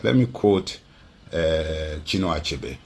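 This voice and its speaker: Husky nigerian guy arguing politics on tv, punchy repeated points. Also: extremely low pitch, expressive, slow, darkish tone. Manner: emphatic, rhetorical repetition. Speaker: political commentator guest. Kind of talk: TV interview commentary.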